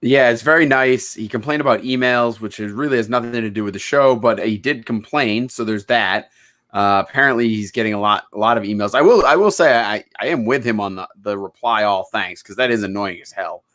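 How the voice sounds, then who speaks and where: A male co-host makes dry, wry remarks in casual chat. His voice sits somewhat low. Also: fairly quick, a bit bright. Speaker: podcast co-host.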